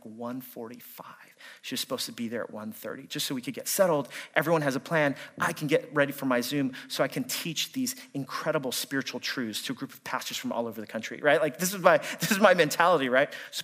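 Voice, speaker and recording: A man, preaching a sermon and telling stories with lively swings in voice as he acts out his own replies. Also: medium pitch. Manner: animated storytelling, acting out his own angry replies. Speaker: pastor.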